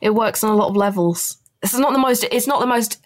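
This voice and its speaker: Relaxed woman chatting as a podcast guest. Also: a little high, fast. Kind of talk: casual chat.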